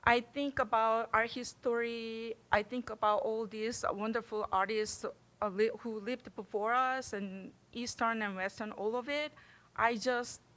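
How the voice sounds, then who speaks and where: A middle-aged woman from Korea with a Korean accent, giving a public artist talk in an animated, chatty way and laughing often. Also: on the high side, measured pace. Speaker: visiting artist.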